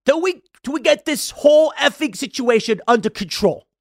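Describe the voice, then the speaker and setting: A man's voice: extremely high pitch, expressive, normal speed, dry recording, clean studio sound, voice pushed up. A man doing an exaggerated impression of a brash, blunt middle-aged man ranting crudely and emphatically.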